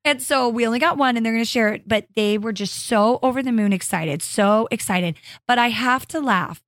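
Woman, podcast co-host, animated storytelling, higher pitch, dry recording. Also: fairly quick, no echo. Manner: animated storyteller, acts out quotes. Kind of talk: casual chat.

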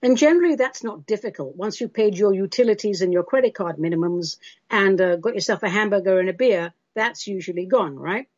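A woman's voice: mid-range voice, fairly quick, a little mellow, no room sound, muffled recording. A British woman hosting a spiritual call-in show, chatty and theatrical as she answers listeners, calling them love and darling. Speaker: host answering listener questions.

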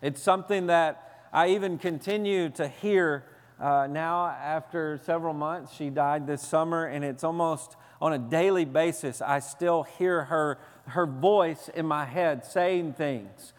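Pastor from the American South, male, high voice, earnest storytelling sermon, long echo of a church hall. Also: measured pace. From Southern United States. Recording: long reverb of a large hall.

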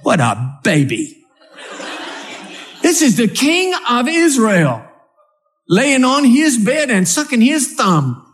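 This preacher's voice is very high-pitched and slow, and he pauses often. Before a live church audience, he delivers a comic sermon, reading scripture and acting out scenes in animated storytelling style.

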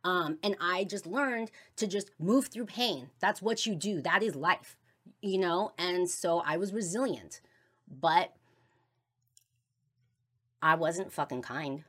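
A woman's voice: on the low side, animated, slow, pauses often, fairly bright tone. A woman hosting a podcast, telling a personal story in a blunt, casual way, full of swearing and fillers. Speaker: podcast host.

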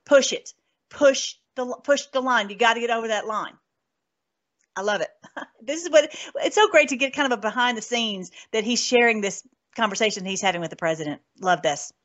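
A woman's voice: a little high, expressive, brisk, fairly bright tone, highs cut off. A woman hosting a casual political commentary show, gushing and laughing often as she talks. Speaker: host.

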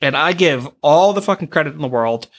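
A woman's voice: low-pitched, expressive, a little fast. A woman on a casual movie-review podcast, talking emphatically and swearing heavily.

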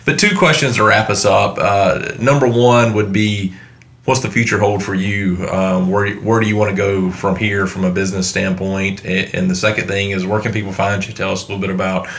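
A man co-hosting a podcast, asking questions in a relaxed, hesitant way with many fillers. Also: fairly low pitch, moderate pace. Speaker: podcast co-host. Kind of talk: casual interview chat.

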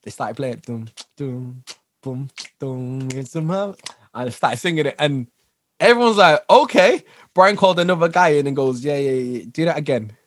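A man guest on a podcast, telling lively stories, acting out what people said and laughing often. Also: medium pitch, moderate pace, no room sound. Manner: animated storyteller who acts out quotes and laughs often. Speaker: guest, dancer, singer and actor. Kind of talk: casual interview chat.

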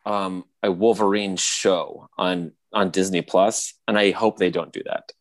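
A man chatting casually on a podcast, rambling with lots of fillers and excited retellings. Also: low-pitched, unhurried. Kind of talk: casual chat.

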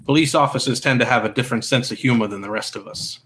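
A man's voice: medium pitch, fast, fairly bright tone, close to an everyday voice. A man playing a wry adventurer.

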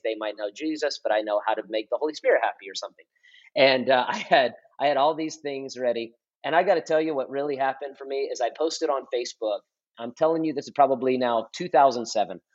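Earnest pastor telling his testimony. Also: mid-range voice. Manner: earnest storytelling, repeats and restarts phrases for emphasis. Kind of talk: conversational testimony on a podcast. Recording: slightly dull lo-fi audio.

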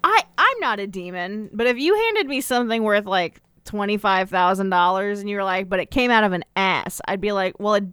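A woman co-hosting a podcast, summarizing a TV episode in casual chat with a wry, deadpan manner. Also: medium pitch, fairly quick, hardly any pauses, clear, resonant tone, dry recording. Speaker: podcast co-host.

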